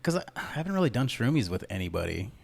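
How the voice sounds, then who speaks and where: Fast-talking man in candid chat. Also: mid-range voice, big pitch swings, creaky, a little mellow. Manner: quick, candid, self-reflective, swears casually. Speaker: podcast co-host. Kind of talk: casual chat.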